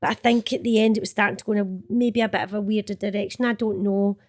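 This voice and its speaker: A woman's voice: mid-range voice, steady tone, fast, a little mellow. A middle-aged woman with a Scottish accent, an actress chatting casually about her old work and laughing and swearing as she goes. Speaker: actress guest. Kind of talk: casual reminiscing chat.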